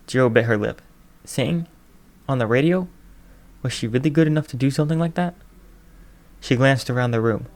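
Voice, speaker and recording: A man narrating a fan fiction chapter in a soft, even storytelling voice. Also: medium pitch, moderate pace, pauses often. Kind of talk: audiobook narration.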